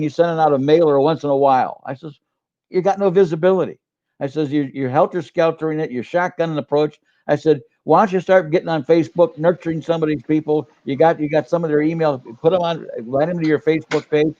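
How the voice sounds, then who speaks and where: A man's voice: fairly high pitch, warm tone. An older man co-hosting a casual live chat as a business coach, rambling and searching for words. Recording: dull lo-fi live stream audio.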